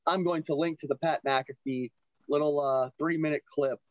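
A man's voice: on the high side, fairly even intonation, normal speed, no room sound, muffled recording. A young man co-hosting a casual podcast, loose, profane and laughing easily. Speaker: podcast co-host.

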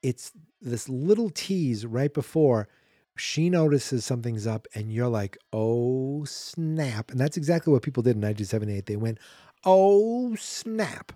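A man's voice: mid-range voice, a little fast, warm tone, no echo, studio quality. A man hosting a podcast, casually recapping a film in a chatty, rambling way that often corrects itself mid-sentence. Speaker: podcast host. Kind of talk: casual movie recap commentary.

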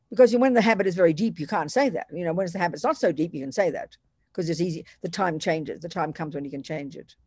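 A woman teaching Buddhist ideas in a conversational dharma talk, animated and self-deprecating, slipping into other people's voices to make her points. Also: mid-range voice, no room sound, studio quality. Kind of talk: dharma talk to a retreat group.

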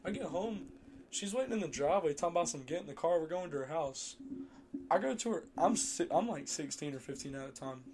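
Young man, brash and profane, somewhat high voice, animated storytelling. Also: a little fast, a little hiss or hum. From Florida Panhandle, US. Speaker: podcast guest. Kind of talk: casual podcast chat.

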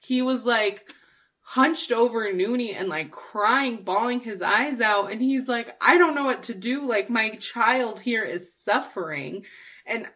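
A woman's voice: on the high side, a little slow. A young woman telling a story in casual chat, acting out quotes with lots of laughter. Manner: expressive, acts out quotes, laughs often. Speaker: podcast co-host.

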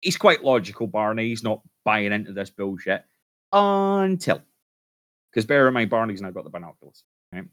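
A man with a low voice tells a story in casual podcast chat, his pitch rising and falling a lot. He swears freely and fills the telling with jokey asides. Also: big pitch swings, moderate pace, a bit bright. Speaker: podcast co-host.

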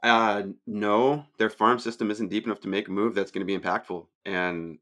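A man's voice: fairly low pitch, steady tone, moderate pace, fairly bright tone. A man co-hosting a sports podcast, giving blunt, dismissive analysis in casual chat. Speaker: podcast co-host.

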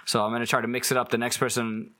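A man hosting a casual podcast, talking in a relaxed way and swearing easily. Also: medium pitch, very fast. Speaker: podcast host.

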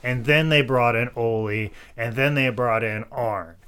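A man's voice: medium pitch, a little slow, pushed and bright, clear, resonant tone. Rambling man chatting about wrestling history. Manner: rambling, self-correcting, laughs often. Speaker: podcast co-host. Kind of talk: casual wrestling history chat.

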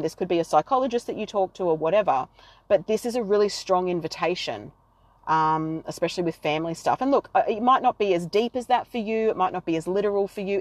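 A woman's voice: medium pitch, no echo. Chatty woman in a dry room. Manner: rambling and chatty with many fillers; affirming, earnest encouragement. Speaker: astrology podcast host. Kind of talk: casual spiritual talk.

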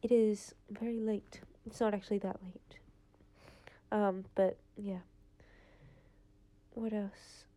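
Solo podcast host: teen girl, mellow tone, rambling and chatty. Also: medium pitch, flat delivery, takes it slowly, pauses often. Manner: rambling, chatty, lots of "like" fillers. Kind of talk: casual solo podcast chat. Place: home, late at night.

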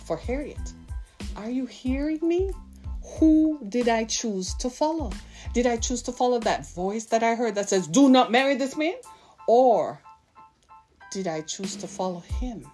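A woman in her fifties delivers a heartfelt sermon, pressing her listeners with question after question. Her voice sits a little high for a woman. Soft music plays faintly behind her. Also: expressive, unhurried. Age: 50s. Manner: impassioned, full of rhetorical questions to listeners. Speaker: preacher.

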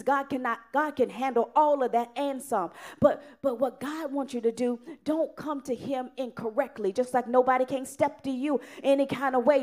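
Casting: woman preacher, high voice, earnest sermon with loud rises and soft drops.

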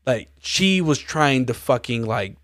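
A man's voice: medium pitch, expressive, measured pace, fairly bright tone, dry recording. Guy hosting a podcast, swears a lot telling stories, dry close mic. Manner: profane storytelling, acts out quoted dialogue. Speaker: podcast host. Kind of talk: casual chat.

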